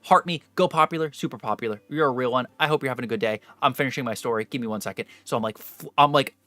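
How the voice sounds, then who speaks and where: Bright-voiced young man, rambling story. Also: mid-range voice, fast, no echo. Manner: animated, rambling, swears freely. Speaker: live game streamer. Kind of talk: casual storytelling to live chat.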